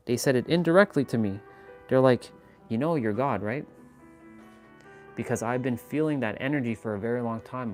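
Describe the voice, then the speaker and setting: A man's voice: medium pitch, a little mellow. A man giving casual, intense motivational talk on his live stream, preachy and swearing freely.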